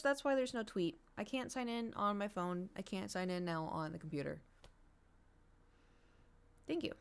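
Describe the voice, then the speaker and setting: A woman streamer chatting casually to her viewers, ranting and swearing freely. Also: mid-range voice. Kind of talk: casual live-stream chat.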